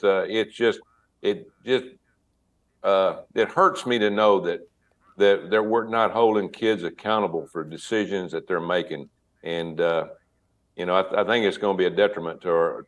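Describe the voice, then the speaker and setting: A man, a politician guest, giving his opinions haltingly with many pauses and restarts. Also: low voice, fairly even intonation. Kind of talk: casual interview remarks.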